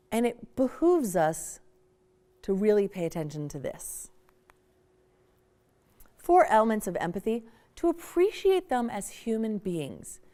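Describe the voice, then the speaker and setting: Woman workshop presenter, lively and emphatic, fairly high voice, acts out quotes. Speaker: parenting workshop speaker. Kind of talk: public talk.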